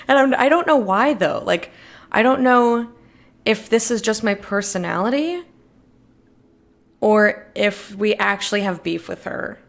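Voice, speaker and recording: A woman streamer chatting casually while playing a game, animated and swearing, laughing often. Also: on the high side, slow pace, long pauses. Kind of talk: casual let's-play chat.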